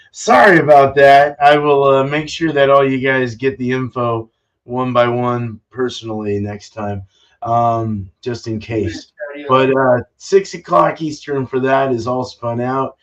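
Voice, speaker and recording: A man's voice: medium pitch, takes it slowly. A man hosting a casual home-brew live stream, talking loosely with lots of fillers and swearing. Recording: dull lo-fi stream audio.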